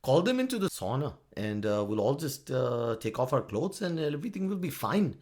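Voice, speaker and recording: A man's voice: mid-range voice, big pitch swings, moderate pace, a little mellow, close to an everyday voice. A man putting on a mock Finnish accent to play a tipsy, carefree woman head of state with a breezy drawl.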